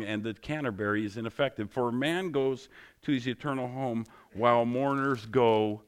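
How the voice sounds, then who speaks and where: A man's voice: medium pitch, a little fast. A middle-aged man, a pastor, giving a sermon in a conversational, joking style full of rhetorical questions.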